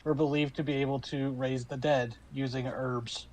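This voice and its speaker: A man's voice: medium pitch, level tone, normal speed, a little mellow, poor audio. A man running a tabletop role-playing game, narrating and chatting with the players. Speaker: game master.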